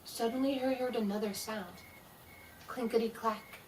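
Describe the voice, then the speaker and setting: Lady reading a ghost story real slow and spooky, mic a bit far off w some hiss. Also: medium pitch. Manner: slow spooky delivery with voiced sound effects. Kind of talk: dramatic scary-story reading.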